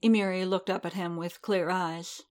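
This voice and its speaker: A woman reading a story aloud in a measured, steady narrating manner. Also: fairly low pitch.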